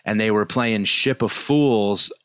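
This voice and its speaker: A man in his forties co-hosts a podcast in easy, rambling chat, his voice low-pitched and smooth. The sound is dry and close. He wanders through stories with fillers and restarts. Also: slow pace, fairly bright tone, no room sound. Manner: rambling storyteller, frequent fillers. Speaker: podcast co-host. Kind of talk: casual chat.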